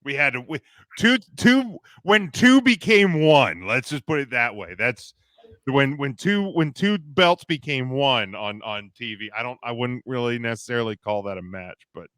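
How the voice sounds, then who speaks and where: A man's voice: medium pitch, lively intonation, normal speed, fairly bright tone, no room sound. Male podcast co-host, dry close sound, opinionated rambler who restarts a lot. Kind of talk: casual wrestling podcast chat.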